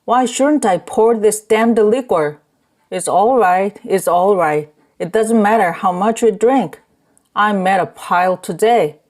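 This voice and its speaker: A woman's voice: mid-range voice, unhurried, a little mellow, voice pushed up, lightly acted. A woman reading an audiobook, voicing a drunk middle-aged rickshaw man who bellows and blusters between rage and grief. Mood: drunken rage.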